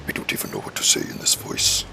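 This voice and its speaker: A man voicing a menacing ancient alien overlord in a deep, breathy, rasping hush while reading game text aloud. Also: noisy background, close to an everyday voice. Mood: ominous. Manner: slow, hushed villain delivery. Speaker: streamer doing a voice.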